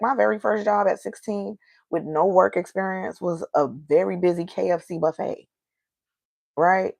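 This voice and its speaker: This podcast host, a woman in her thirties with an African American accent, has a lowish, gravelly, darkish voice with no echo. Alone on the mic, she vents candidly in a casual monologue, asking rhetorical questions.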